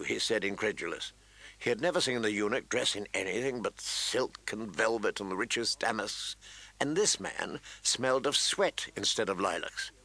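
A man reading fantasy narration as an audiobook narrator, with a steady, even storytelling delivery. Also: mid-range voice, normal speed, no echo.

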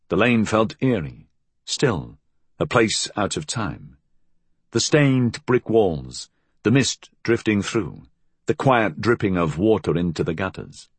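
A man narrating an audiobook in measured, expressive storytelling. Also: on the low side, breathy edge, no room sound.

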